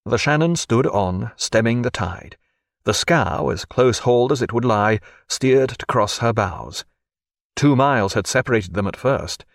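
A man reading a historical sea novel aloud as narrator, with an expressive storytelling delivery. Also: medium pitch, a little slow, vocal fry, dry recording, clean studio sound. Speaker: audiobook narrator. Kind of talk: scripted narration.

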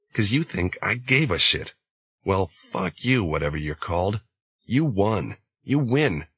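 A man's voice: sits low, fairly bright tone, husky, exaggerated voice. A man reading an audiobook and voicing a desperate, bitter young man who swears and pleads. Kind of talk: audiobook character voice.

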